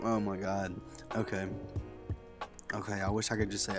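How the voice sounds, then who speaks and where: A man's voice: lowish voice, flat delivery, normal speed, pauses often. A young man swearing freely as he tells a heated story and comments on a game. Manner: profane, blunt and heated. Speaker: let's play host. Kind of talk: casual gameplay commentary and storytelling. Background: game music.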